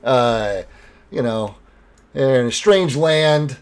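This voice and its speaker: A man's voice: medium pitch, takes it slowly, clean tone. Man running a tabletop game. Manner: relaxed, explains rules with fillers. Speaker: game master.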